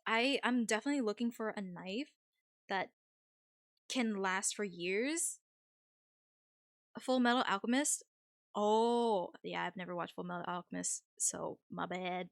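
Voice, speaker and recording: A young woman streamer with an American accent that has a faint Vietnamese tinge, chatting casually with viewers, easygoing and quick to laugh. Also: mid-range voice, gravelly, no room sound, studio quality. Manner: easygoing, chatty, laughs often, many ums. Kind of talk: casual chat reading viewer messages.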